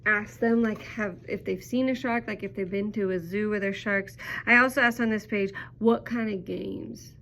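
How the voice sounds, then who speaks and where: A woman's voice: mid-range voice, steady tone, normal speed, few pauses, fairly bright tone, a little hiss or hum. A young woman teacher chatting casually through a children's book review, upbeat and full of ums.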